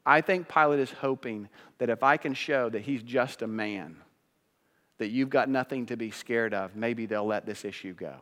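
A man preaches from a church sanctuary in an ordinary mid-range voice. He drops to hushed, slow phrases, then climbs to loud, high peaks. His words ring out with a long reverb from the hall around him. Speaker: pastor. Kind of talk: sermon.

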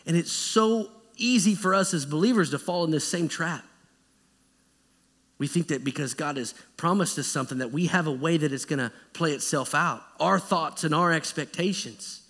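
A man preaching a sermon as pastor, in a conversational, animated style that acts out quotes. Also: fairly high pitch, normal speed. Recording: echoey church hall.

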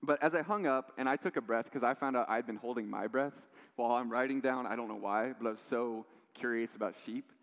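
A man preaching a sermon, telling stories in a lively way with quoted voices and asides. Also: medium pitch, fairly quick, hardly any pauses. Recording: long hall reverb.

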